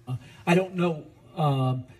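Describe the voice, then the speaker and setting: A man's voice: on the high side, slow, darkish tone, husky. A man answering in a television interview, hesitant, with many fillers.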